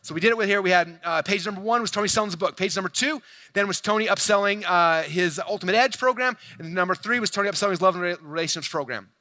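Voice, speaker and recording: Fast-talking, bright-voiced male stage speaker. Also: high-pitched, no echo. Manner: energetic, playful, addresses audience directly. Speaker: speaker at a sales event. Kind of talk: high-energy stage presentation. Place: large event hall, speaking to a crowd.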